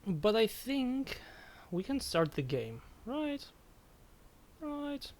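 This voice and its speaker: A woman's voice: a little high, sing-song, very slow, long pauses, a little mellow. A woman chatting casually on a live game stream, giggling often, stumbling over her words and swearing when startled. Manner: giggly, stammers and restarts often. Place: at home.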